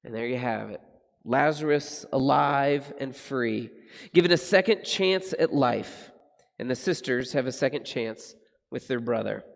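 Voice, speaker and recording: A male pastor preaching a sermon at a slow, unhurried pace. His middle-pitched voice is earnest and reflective, dropping softer for the solemn phrases. The sound hangs in a long hall reverb. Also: gravelly.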